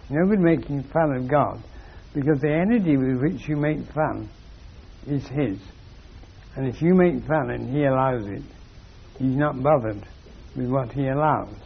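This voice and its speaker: A man giving a slow, measured spiritual lecture with long pauses. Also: medium pitch, creaky, breathy edge, lo-fi sound.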